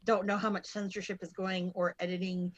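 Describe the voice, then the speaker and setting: A woman talks through wrestling matches in a loose podcast chat, her pitch sitting in a middle range. She rambles, trails off, restarts and leans on fillers, and she can break into loud excited yelling. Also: fairly quick. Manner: bursts into loud excited shouting. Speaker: guest co-host.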